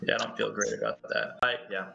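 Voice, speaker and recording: A man's voice: lowish voice, big pitch swings, fast talker, creaky, sharp tone, muffled recording, soft background music. A tentative, apologetic man talking during a board game over a voice call. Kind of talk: casual game-table banter. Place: online voice call.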